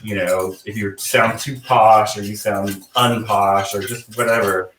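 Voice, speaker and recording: A man from the Southern United States chats loosely while he cooks, stacking up fillers and restarts. His voice has a bright, forceful edge. He sits well back from the mic in an echoey room with faint noise behind him. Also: fairly low pitch, fairly even intonation, a little slow, far from the mic. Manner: rambling, with many fillers and restarts. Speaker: guest cook. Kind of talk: casual chat while cooking.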